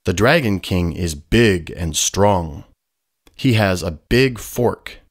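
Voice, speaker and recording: A man narrating simple children's stories in a very slow, clear, sing-song reading. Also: low-pitched, lively intonation. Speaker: storybook narrator. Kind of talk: scripted children's story narration.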